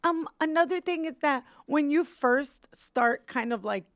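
A woman's voice: high-pitched, animated, measured pace, dry recording, studio quality. A young woman co-hosting a podcast, musing casually with a wry, hesitant way of talking and trailing off into fillers. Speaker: podcast co-host. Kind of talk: casual chat.

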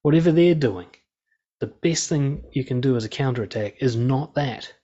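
Man, mid-pitched, laid-back and blunt, swears freely, steady calm delivery; slightly muffled recording. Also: moderate pace. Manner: frank and profane, calm and steady. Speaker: speaker on relationships and conflict. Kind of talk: casual monologue. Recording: slightly dull lo-fi sound.

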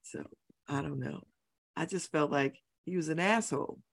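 A woman's voice: sits low, normal speed, gravelly. A middle-aged woman hosting a talk radio show, giving an opinionated monologue and repeating her points for emphasis. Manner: emphatic, repeats phrases for effect, preachy. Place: radio studio.

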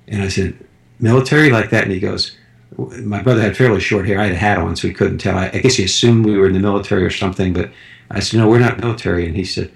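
A man's voice: on the low side, fairly even intonation, fast, gravelly. A man in casual conversation, telling a rambling personal story with frequent restarts. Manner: rambling anecdotes with many restarts.

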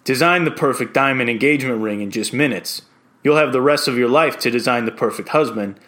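A man's voice: mid-range voice, fairly quick, fairly bright tone, close to an everyday voice. A man voicing a quirky New York guy character in a put-on New York accent, reading a commercial script. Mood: brash.

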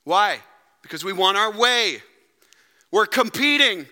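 High bright-voiced preaching man. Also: animated, slow. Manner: dynamic preaching, acting out quoted voices, swings from loud to hushed. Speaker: pastor. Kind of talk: sermon. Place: church sanctuary. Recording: long hall reverb.

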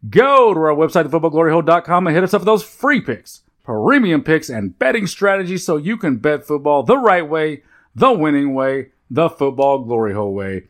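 A man's voice: on the high side, sing-song, a little fast. A man hosting a comedic sports betting podcast, with a hype, crude mock-announcer manner. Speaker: podcast host. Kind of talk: comedic casual chat.

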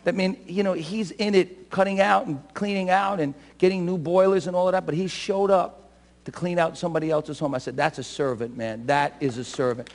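Fervent gravelly-voiced preacher in reverb. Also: male voice, high voice, fairly even intonation, brisk. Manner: fervent preacher, swings from soft to shouting; self-described shouter and crier. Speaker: pastor. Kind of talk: sermon. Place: church sanctuary.

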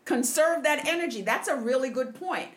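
A woman hosting a casual conversation, emphatic and quick to agree. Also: high-pitched, expressive.

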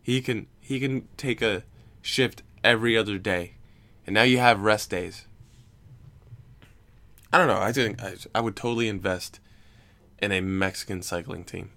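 A man's voice: on the low side, moderate pace, pushed and bright. A young man hosting a casual recorded chat, rambling and teasing with jokes. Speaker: podcast host.

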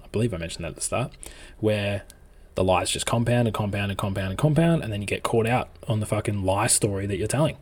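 A man with a low-pitched voice talks in a casual, blunt monologue about relationships. He swears freely and slips into quick little acted bits of dialogue. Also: a little mellow. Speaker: relationship advice speaker.

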